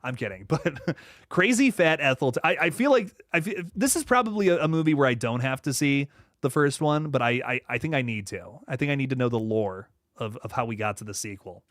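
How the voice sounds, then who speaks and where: A young man hosting a horror livestream, chatting casually and reading viewer comments aloud, often laughing and dropping into low asides. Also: animated, fast talker, no room sound, studio quality. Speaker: horror channel host reading live chat.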